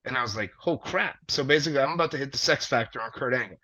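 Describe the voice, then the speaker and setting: A man, a wrestler, telling a long story in casual conversation, animated and profane with plenty of fillers. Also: mid-range voice, racing. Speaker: wrestler guest. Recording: dull lo-fi audio.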